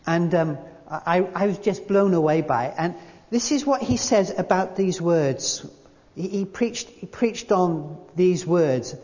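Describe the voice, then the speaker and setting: A man preaching a sermon, emphatic, repeating key phrases and slowing down to read quotations. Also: high-pitched, darkish tone. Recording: dull lo-fi sound with long hall reverb.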